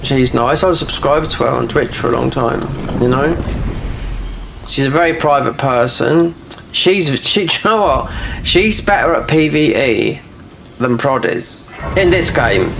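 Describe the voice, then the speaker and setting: A man's voice: mid-range voice, expressive, measured pace, vocal fry, background noise. A man with a South London accent chatting casually while he plays a game, rambling from one thought to the next with lots of "you know" and restarts. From London, England. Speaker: gaming streamer.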